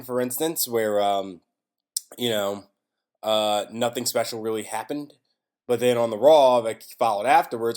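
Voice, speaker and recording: A man's voice: mid-range voice, a little mellow. A man giving a casual solo recap of a wrestling show, rambling with restarts and self-corrections, wry and exasperated, with casual swearing.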